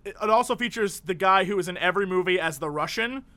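High bright-voiced joking man. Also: quick pace. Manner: rambling, joking, laughs often. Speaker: co-host. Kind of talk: casual comedic podcast chat.

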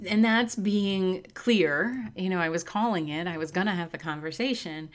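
A middle-aged woman with a fairly low voice gives a reflective spiritual talk. She sounds earnest and open and laughs easily. She leans hard on the words she wants to land. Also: normal speed. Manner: earnest and warm, laughs easily, lively emphasis. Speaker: spiritual speaker.

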